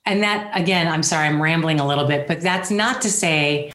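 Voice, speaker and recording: A woman's voice: deep voice, a little fast, fairly bright tone, reverberant. A woman speaking as an interview guest, earnest and rambling, with self-deprecating humor. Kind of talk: candid personal interview.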